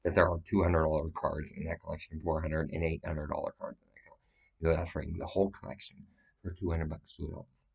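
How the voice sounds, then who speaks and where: A man's voice: a bass voice, level tone, fast talker, gravelly, breathy edge. A man giving a rambling, profane, agitated monologue that jumps from claim to claim.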